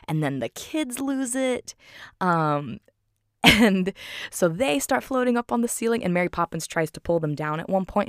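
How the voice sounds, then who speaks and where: A woman's voice: sits low, vocal fry, no room sound, clean studio sound. A woman casually retelling a film scene by scene, chatty and giggling often.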